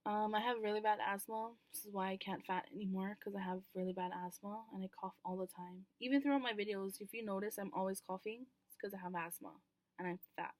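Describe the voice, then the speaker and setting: A woman's voice: mid-range voice, fairly even intonation, fast, no room sound. A woman vlogger talking candidly to camera in a casual, rambling way, with many ums and casual swearing.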